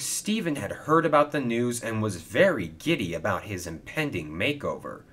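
A man narrating a children's story, lively and expressive. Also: mid-range voice, normal speed, hardly any pauses.

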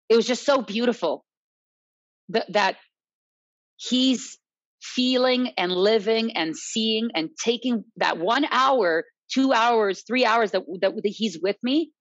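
Female guest, salsa instructor, animated storyteller; muffled, dry sound. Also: medium pitch, slow pace, no room sound. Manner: animated, quotes others, tag questions "right?". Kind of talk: casual storytelling chat. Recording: dull lo-fi dry recording.

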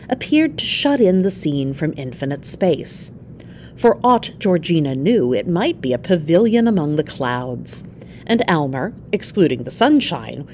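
A woman narrates a classic story aloud in a measured, expressive reading. Her voice sits low but moves a lot in pitch. The pace stays steady. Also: slight background noise. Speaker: reader.

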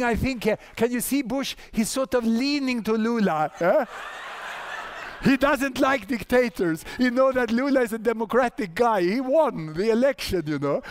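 A man in his sixties with a Swedish accent, lecturing at a conference and telling a story with lively asides and repeated words. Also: sits high. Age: 60s. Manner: animated storyteller, frequent "huh?" and "you know" asides, repeats words. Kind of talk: conference talk. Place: conference hall with audience.

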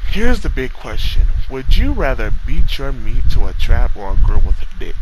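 Young male vlogger, tired, profane, rambling, mid-pitched voice, clear background hiss on the recording. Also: sing-song, normal speed. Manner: profane, trash-talking, rambling with many fillers. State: tired, late at night. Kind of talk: casual rambling monologue.

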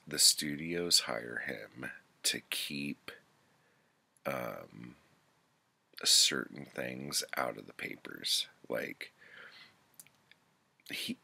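A man's voice: very deep voice, expressive, extremely slow, creaky, pauses often, sharp tone, slightly rough. A man giving a casual book review, loose and chatty, with lots of filler words and free swearing.

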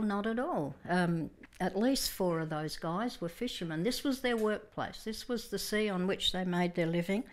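A woman preacher telling a Bible story vividly in a Sunday sermon, with frequent restarts. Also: lowish voice.

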